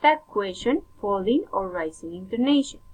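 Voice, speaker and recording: A woman with a Colombian Spanish accent, Spanish her first language, reading English intonation drills aloud with slow, deliberate stress on each word. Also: medium pitch, expressive, darkish tone, poor audio.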